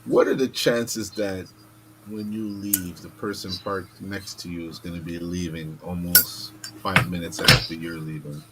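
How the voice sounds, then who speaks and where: A man hosting a podcast, telling a story in an animated, casual way, with some swearing. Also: low-pitched, unhurried, heavy background noise. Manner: animated, swearing, acts out voices in stories. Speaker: podcast host.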